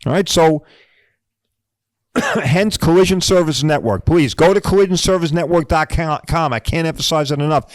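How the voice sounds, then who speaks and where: A man's voice: on the high side, normal speed, dry recording, rough recording. A middle-aged man hosting a podcast, ranting bluntly and profanely and hammering his points home with repeated "all right?"s. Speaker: podcast host.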